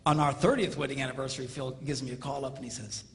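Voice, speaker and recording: A man in his fifties, a pastor and marriage speaker, giving a comedic stage talk, mimicking voices and shouting punchlines. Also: mid-range voice, quick pace. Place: large hall before a live audience. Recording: echoey hall with faint noise.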